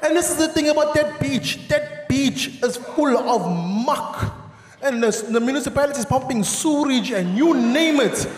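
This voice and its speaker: A South African man doing live stand-up comedy on a large theatre stage, animated and shouting his punchlines. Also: very high-pitched, a little slow. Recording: echoey theatre hall with audience laughter.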